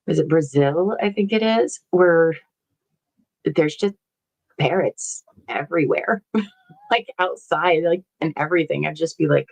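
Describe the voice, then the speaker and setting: A woman's voice: deep voice, low-quality recording. A woman hosting a casual livestream, rambling and chatty as she reads viewer comments aloud, laughing often and swearing casually. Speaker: livestream host.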